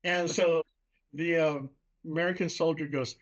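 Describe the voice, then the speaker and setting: A man hosting a casual video call chat, telling a story in a relaxed way and swearing freely. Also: fairly high pitch, moderate pace, muffled recording. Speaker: host.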